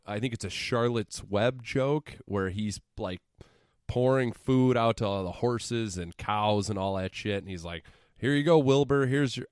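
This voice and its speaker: Young male podcaster, low voice, dry close sound; sarcastic, profane recap delivery. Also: clear, resonant tone, no room sound. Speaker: podcast co-host. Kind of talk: casual podcast movie recap.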